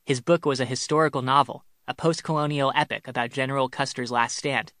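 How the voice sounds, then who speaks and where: A man narrating a comic short story in a wry, measured way. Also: medium pitch, steady tone, fairly bright tone, no room sound, clean studio sound.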